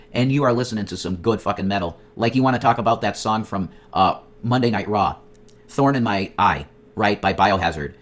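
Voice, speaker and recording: A man ranting in a casual livestream, profane and excitable, jumping between loud outbursts and muttered asides. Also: fairly low pitch. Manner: profane, excitable, nostalgic rambling. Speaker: streamer. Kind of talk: rambling casual livestream chat.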